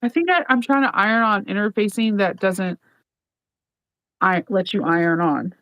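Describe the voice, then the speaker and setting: A woman in her thirties hosting a casual sewing chat, playful and quick to laugh as she tells stories. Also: medium pitch, lo-fi sound. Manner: chatty, laughs often, playful. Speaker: sewing vlog host.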